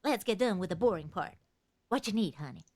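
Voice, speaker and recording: A woman's voice: mid-range voice, animated, fairly quick, a little mellow, lightly acted. A woman voicing a brash, flirty, foul-mouthed trader in a game.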